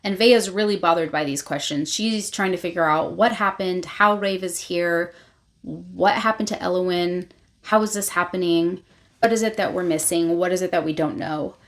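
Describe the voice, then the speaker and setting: A woman's voice: fairly low pitch, moderate pace. A woman hosting her own channel, giving a casual spoken recap of a novel and retelling scenes loosely with plenty of fillers. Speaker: book reviewer, channel host.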